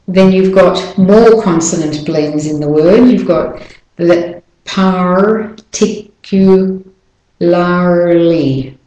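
Woman, pronunciation teacher, lowish voice, very slow delivery, echoey room. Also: a little mellow. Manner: slow, careful, drawn-out model words. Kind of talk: audio pronunciation lesson.

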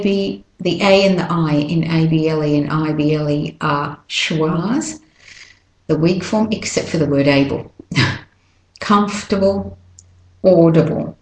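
A woman teaching English pronunciation, saying example words slowly and clearly and repeating them. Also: fairly low pitch, a little mellow, echoey room, poor audio. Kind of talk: pronunciation lesson.

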